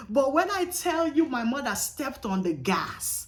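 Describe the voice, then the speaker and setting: A woman's voice: high-pitched, a little slow, background noise. A young woman vlogger telling a dramatic personal story in a casual, emphatic way, swearing freely. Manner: animated, profane, emphatic retelling.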